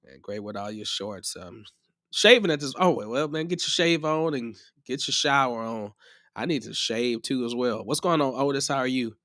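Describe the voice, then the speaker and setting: A man's voice: medium pitch, lively intonation, moderate pace, fairly bright tone, dry recording, clean studio sound. A man hosting a live music-production tutorial stream, rambling in a casual, chatty way while a bit under the weather. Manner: rambling and chatty, often restarts.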